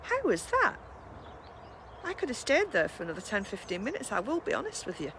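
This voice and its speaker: A woman's voice: on the high side, huge pitch swings, a little fast, fairly bright tone, a little hiss or hum. A woman hosting a mindfulness session, chatting casually after a guided meditation and laughing often at herself.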